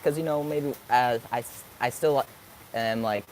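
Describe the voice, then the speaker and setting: A man's voice: medium pitch, measured pace, a little mellow, a little hiss or hum. A young man in his late teens answering viewer questions on a live stream, upbeat and thinking aloud as he searches for words. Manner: upbeat, sometimes hyper. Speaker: vlogger.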